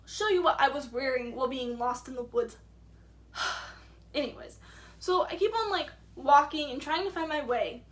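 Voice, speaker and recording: Young female vlogger, high bright voice, rambling casual storyteller. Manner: rambling, says "like" a lot, acts out quotes.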